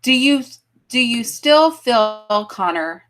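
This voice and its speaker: A woman's voice: a little high, animated, slow pace, fairly bright tone, faint music behind. Chatty laughing woman hosting a livestream. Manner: chatty, laughing, thinking aloud. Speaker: livestream talk show host. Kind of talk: casual chat with callers and live chat.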